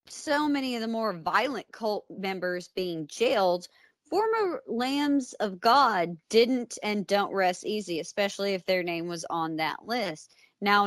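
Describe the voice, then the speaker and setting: An American woman co-hosts a true-crime podcast, recounting events in a casual, blunt, conversational voice. She speaks at a middle pitch. The recording is close and dry, with no room sound. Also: a bit bright, dry recording. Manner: conversational, blunt, with fillers and asides. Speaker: podcast co-host.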